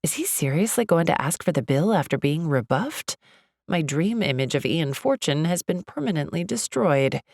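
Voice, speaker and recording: Female narrator for a first-person romance audiobook, low and gravelly, close dry studio sound, expressive and chatty. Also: normal speed, no echo. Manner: expressive, chatty, lively inner monologue.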